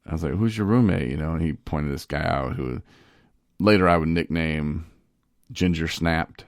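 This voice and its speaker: A man hosting a podcast, telling a story in a rambling, animated way and laughing often. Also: extremely low pitch, normal speed, clear, resonant tone, no echo, studio quality. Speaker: podcast host. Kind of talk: casual storytelling.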